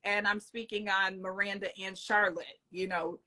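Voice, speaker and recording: A woman's voice: mid-range voice, little pitch movement, normal speed, sharp tone. A middle-aged woman co-hosting a casual chat, talking in an emphatic, chatty way. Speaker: co-host.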